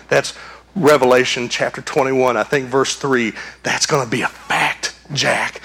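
A man preaching a sermon as a pastor, animated, acting out screams and voices while he tells the story. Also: mid-range voice, a little slow, husky.

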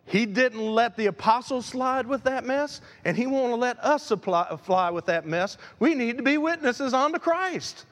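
A man preaching a sermon as pastor, animated, swinging between loud emphasis and quiet asides. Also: extremely high pitch, a little slow, few pauses. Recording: long hall reverb.

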